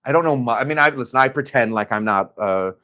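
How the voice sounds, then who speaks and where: A man's voice: mid-range voice, quick pace, sharp tone. A man from Arizona hosting a casual live cocktail demo from a hotel room, talking in a rambling, chatty way with many fillers. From Arizona, USA. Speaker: cocktail channel host.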